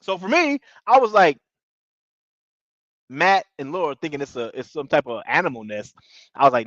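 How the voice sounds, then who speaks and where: Lively high-voiced man recapping a show. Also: moderate pace, long pauses, no room sound. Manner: animated, slangy, laughs often. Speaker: TV show reviewer. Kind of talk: casual recap chat. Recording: dull lo-fi dry audio.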